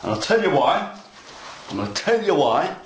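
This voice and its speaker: A man's voice: on the high side, sing-song, moderate pace. A man giving a casual hands-on model railroad tutorial, chatty, playful and enthusiastic as he talks viewers through his work. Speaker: model railroad hobby instructor. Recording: echoey room with faint noise.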